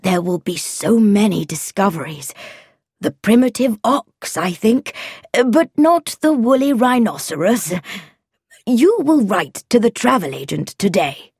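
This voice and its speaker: A woman's voice: medium pitch, big pitch swings, measured pace, a little mellow, slightly rough, dry recording, clean studio sound, full character voice. A woman voicing a distracted elderly professor. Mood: enthusiastic. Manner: distracted, fussy, mildly irritable. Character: absent-minded elderly male professor father. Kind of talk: storybook reading.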